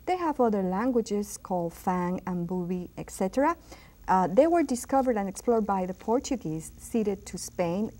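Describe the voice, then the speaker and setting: A patient woman teacher in middle age leads a school TV language lesson. She repeats each word slowly and stresses it clearly, like someone drilling a class. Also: mid-range voice, dark tone.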